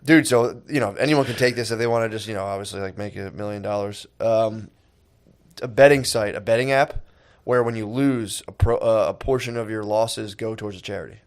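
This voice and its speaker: A man's voice: on the low side, fairly quick. Rambling man who keeps saying dude. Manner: rambling, says "dude" constantly, restarts sentences. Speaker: podcast co-host. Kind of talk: casual comedic banter.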